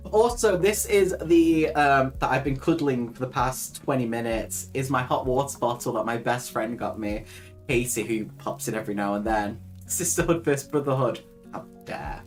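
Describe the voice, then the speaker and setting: A young woman hosting a casual live stream, chatting with viewers, reading their comments aloud and laughing often. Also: rumbling low. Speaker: livestream host.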